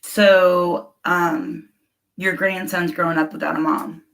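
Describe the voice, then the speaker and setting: A woman's voice: fairly low pitch, fairly even intonation, takes it slowly, vocal fry, fairly bright tone, poor audio. Blunt, outspoken woman chatting live. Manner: blunt, outspoken, emotional, laughs often. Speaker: livestream host chatting with viewers. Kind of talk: casual livestream chat.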